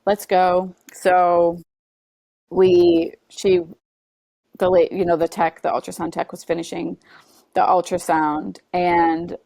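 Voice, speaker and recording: A woman guest on a podcast, telling a personal story in earnest, halting conversation full of "like" and "you know.". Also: fairly low pitch, flat delivery, vocal fry, dark tone, dry recording.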